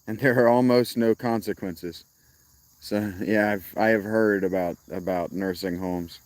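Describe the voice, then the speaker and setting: A man's voice: on the low side, fairly even intonation, unhurried, a little mellow, no echo. A man chatting casually to his live-stream viewers, rambling, restarting sentences and laughing often. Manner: rambling, self-interrupting, laughs a lot. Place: outdoors, rural, crickets.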